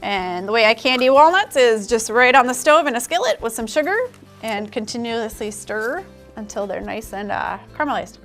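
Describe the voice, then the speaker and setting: A woman's voice: a little high, lively intonation, moderate pace, a bit bright, faint music behind. A woman chef giving a cooking demonstration on TV, explaining each step plainly. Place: TV studio kitchen.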